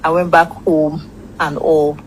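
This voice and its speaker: A woman's voice: low-pitched, level tone, unhurried, slight background noise, rough recording. A woman casually telling a long personal story, rambling with asides and swearing freely.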